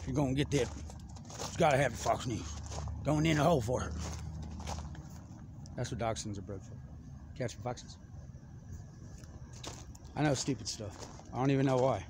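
A man's voice: medium pitch, normal speed, pauses often. Rambling man, noisy background with birds. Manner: stream-of-consciousness, jumping between topics. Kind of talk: rambling monologue.

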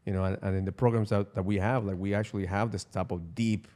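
A man's voice: fairly low pitch, fairly even intonation, fast, warm tone. A man hosting a podcast, talking reflectively and asking probing questions, often repeating words as he gathers thoughts. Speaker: podcast host and coach. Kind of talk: casual podcast chat.

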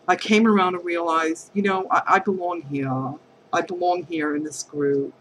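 A woman crafting vlogger talking heartfelt to camera, hesitant and halting, earnest and emotional. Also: on the low side, steady tone, a bit bright, slight background noise, rough recording. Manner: emotional, affectionate.

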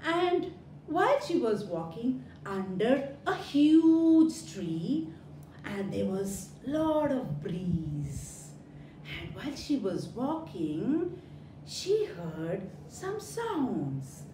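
Woman storyteller for kids, animated and questioning, unhurried with big pitch swings. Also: noisy background. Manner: animated, sing-song, asks children questions. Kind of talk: children's storytelling. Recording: roomy echo.

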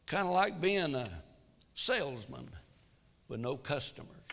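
A man preaching a sermon in a church, swinging between loud exhortation and quiet asides. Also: a little high, very animated, slow pace, creaky, long pauses, in a large hall. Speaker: pastor. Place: church sanctuary.

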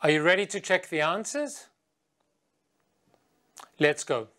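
Slow, patient woman teacher. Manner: patient, asks quiz questions and chants with the class; sings a chant in a higher, lively voice. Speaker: English teacher. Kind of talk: slow, clear classroom instruction for children. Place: remote video lesson.

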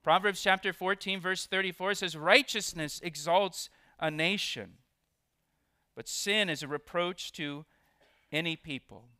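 A man preaching a sermon as pastor, with expressive delivery that leans hard on key words. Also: high voice, unhurried, smooth, no echo, studio quality. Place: church.

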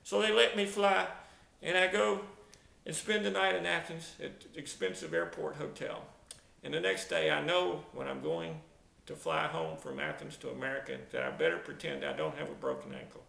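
A man's voice: on the high side, steady tone, normal speed, creaky, bright, forceful tone. A middle-aged man telling a comic travel mishap, dramatic and exaggerated, acting out sound effects. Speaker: storyteller, video narrator. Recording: roomy echo.

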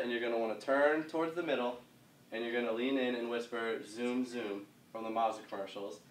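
A young man calmly explaining line dance steps one by one in a casual, easygoing way. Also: medium pitch. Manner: casual, walks through moves with fillers like "kinda". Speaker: dance instructor. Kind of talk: step-by-step dance instruction. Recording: roomy sound, mic far off.

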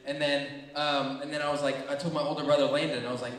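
A young man telling children a funny story from his childhood, animated and acting out screams and voices. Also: medium pitch, quick pace, hardly any pauses. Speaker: children's ministry speaker. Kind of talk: storytelling to kids. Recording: echoey hall from far off.

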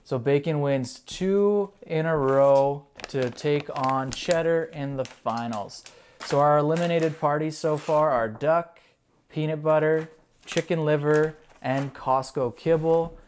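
A dog owner hosting a casual video, giving a puppy quick commands and upbeat play-by-play commentary. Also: medium pitch, darkish tone, a little hiss or hum.

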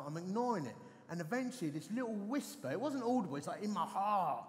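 A man, preaching a sermon as an animated, self-deprecating storyteller on a festival stage. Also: high-pitched, a little fast, big-room sound. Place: festival stage in a large hall.

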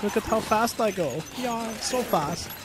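Squeaky mock-German tricycle rider, as a man puts him on. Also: animated, measured pace, background noise. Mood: giddy. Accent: put-on mock German. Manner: giddy, boastful, silly.

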